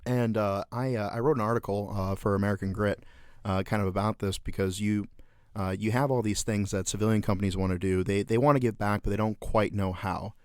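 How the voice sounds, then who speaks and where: A man's voice: lowish voice, steady tone, a little fast, smooth, no echo, studio quality. A man in his thirties, a Marine veteran hosting a podcast, telling profane stories in casual chat with lots of fillers and laughs.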